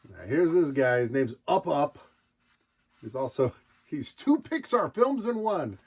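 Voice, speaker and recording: A man's voice: on the high side, very animated, measured pace, slightly rough. A man hosting a nostalgia show, joking his way through old children's books and sometimes putting on silly voices. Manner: jokey, puts on silly character voices. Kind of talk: casual comedic commentary.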